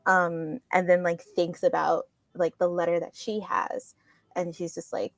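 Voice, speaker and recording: A woman's voice: lowish voice, level tone, unhurried, dry recording. A woman playing in a tabletop game, describing her character casually with lots of "like". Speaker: player.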